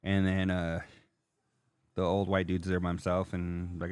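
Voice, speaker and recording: A man's voice: deep voice, completely flat delivery, a little slow, a little mellow, smooth, dry recording. A man hosting a podcast from a hotel room, telling a story casually with swearing, laughter and exasperation. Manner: profane, exasperated, laughing retelling. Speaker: podcast host.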